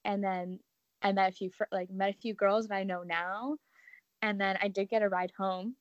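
A young woman in her twenties tells a story on a casual podcast, relaxed and a bit halting with ums. Her voice is mid-pitched and the sound is dry, with no room echo. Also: dull audio. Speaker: podcast co-host.

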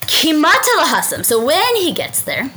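Woman explaining a talmud story, bright crisp voice, a bit high, chatty, keeps saying right. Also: huge pitch swings, moderate pace, low-quality recording. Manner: chatty, translates Aramaic and checks in with 'right?'. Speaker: Torah class teacher.

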